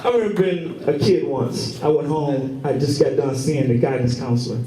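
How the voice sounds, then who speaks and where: Man, stand-up comedian, animated and profane, roomy distant recording, loud audience. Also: a little high, normal speed. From Michigan, US. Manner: profane, animated storytelling with acted-out quotes. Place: comedy club stage with laughing audience. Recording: roomy club recording from far off, crowd laughter.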